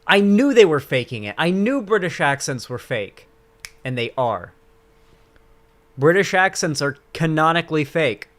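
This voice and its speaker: A man's voice: on the high side, big pitch swings, a little slow, fairly bright tone. A man streaming live, chatting casually with his chat in a rambling, crude, sarcastic way.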